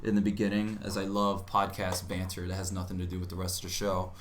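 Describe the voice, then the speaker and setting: A man's voice: deep voice, completely flat delivery, fast, a little hiss or hum. A man hosting a casual podcast, talking in an easygoing, rambling way and laughing often. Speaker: podcast host.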